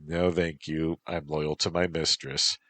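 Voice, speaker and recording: A man's voice: rumbling low, level tone, unhurried, pushed and bright, no room sound, heavily acted. A man voicing an earnest, polite young man who serves a princess.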